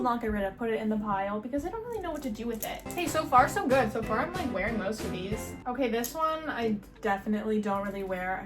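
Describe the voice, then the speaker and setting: A young woman chatting casually as a vlogger while sorting and cutting up old clothes, rambling and swearing now and then, with the hiccups. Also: on the high side.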